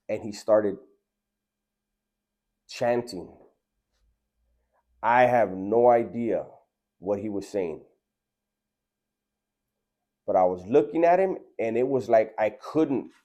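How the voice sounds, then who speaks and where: Laid-back man, dark voice. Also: on the low side. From Southern California. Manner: laid-back, slangy, earnest. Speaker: storyteller. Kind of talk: casual personal storytelling.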